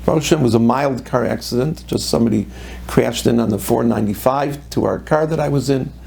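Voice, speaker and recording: A man's voice: mid-range voice, brisk, gravelly, a little mellow, slightly rough. A middle-aged man, a rabbi giving a sermon, telling stories and acting out what people said, with Hebrew and Yiddish terms mixed in.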